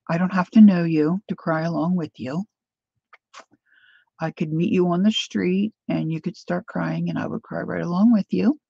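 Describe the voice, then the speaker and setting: A middle-aged woman hosting a crafting livestream, chatting warmly to viewers while she works. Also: lowish voice, creaky, no echo, lo-fi sound.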